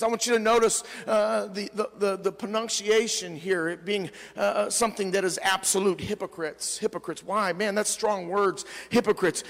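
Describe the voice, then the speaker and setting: A man, a pastor, preaching a sermon with emphatic delivery, dropping low and soft at the ends of phrases. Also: big-room sound. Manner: emphatic preaching, rising in pitch on quoted lines.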